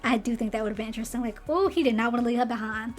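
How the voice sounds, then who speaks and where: Slightly hoarse, chatty woman ranting. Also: fairly high pitch, rapid-fire, faint music behind. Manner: chatty, animated, acts out character lines. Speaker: show commentator. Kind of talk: casual recap rant.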